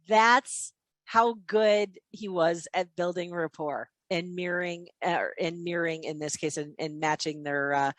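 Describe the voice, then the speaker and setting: A woman leading a live online sales training session, in an energetic and chatty teaching manner over a video call. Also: on the low side, no room sound.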